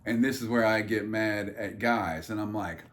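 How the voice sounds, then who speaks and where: A man's voice: on the low side, normal speed, fairly bright tone, slight background noise. A man reading a Bible passage aloud and breaking off into irreverent, crude joking asides, with a loose, rambling delivery full of fillers and restarts. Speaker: Bible study leader. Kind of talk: casual Bible reading with commentary.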